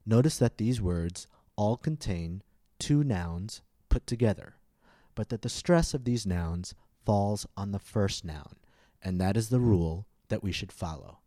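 A man teaching English pronunciation in a scripted podcast lesson, speaking slowly and carefully enunciating. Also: lowish voice, expressive, mellow, no room sound, studio quality.

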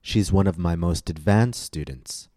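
A man giving a scripted pronunciation lesson as a coach, speaking slowly and enunciating carefully. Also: sits low, warm tone, no echo, studio quality. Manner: slow, careful, clearly enunciated. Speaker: accent coach.

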